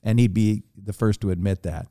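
A man telling a long, animated anecdote on a podcast, with frequent restarts. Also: on the low side, a little fast, no echo, clean studio sound. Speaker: podcast guest. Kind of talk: casual storytelling.

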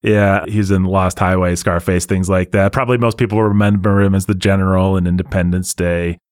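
A man co-hosting a casual movie-review talk, rambling and animated, often laughing. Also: low voice, brisk. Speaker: podcast co-host reviewing a movie. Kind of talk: casual chat.

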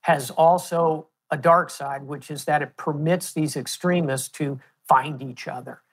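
A man as an interview guest, explaining history in a measured, storytelling way. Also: on the high side, steady tone. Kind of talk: interview answer.

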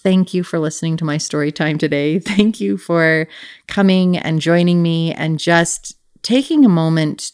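Low-voiced woman, earnest and reflective. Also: darkish tone, clear, resonant tone. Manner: earnest and self-questioning, addresses listeners directly. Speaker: podcast host. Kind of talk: reflective solo talk.

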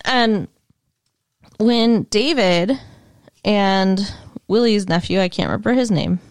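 A woman's voice: mid-range voice, slow, smooth, no echo, studio quality. A woman co-hosting a podcast, recapping a TV episode in casual chat, laughing often and swearing casually. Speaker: podcast co-host.

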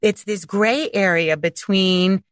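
A woman's voice: slow, dry recording, studio quality. A woman podcast host coaching parents in a casual monologue, acting out quoted voices with big jumps. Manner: animated, acts out quotes with big pitch jumps.

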